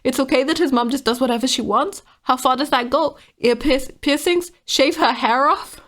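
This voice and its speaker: A woman's voice: high-pitched, normal speed, fairly bright tone. A woman giving casual, exasperated commentary while reading out online comments, often laughing.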